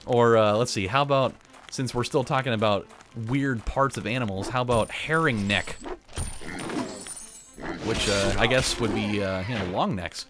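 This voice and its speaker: A man's voice: mid-range voice, normal speed, fairly bright tone, soft background music. A man casually riffing and joking as he plays a video game, rambling and laughing at his own lines. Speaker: gaming channel host. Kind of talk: casual let's play commentary.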